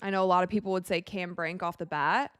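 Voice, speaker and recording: A woman hosting a live watch-along of a basketball game, reacting excitably to plays, crying out and laughing, and thanking viewers for donations. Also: fairly low pitch, fast talker, smooth, no room sound, studio quality. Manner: thanks viewers for donations and answers their questions.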